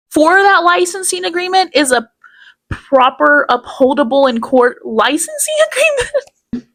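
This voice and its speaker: A woman's voice: high voice, big pitch swings, measured pace, pauses often, fairly bright tone. Chatty sarcastic woman commentator. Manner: chatty, sarcastic, laughing often. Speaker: commentary channel host. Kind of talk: casual reaction commentary.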